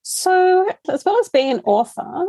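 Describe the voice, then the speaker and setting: A woman hosting a podcast interview, asking gentle, affirming questions. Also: very high voice, sing-song, unhurried, no room sound, low-quality recording. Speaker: podcast host.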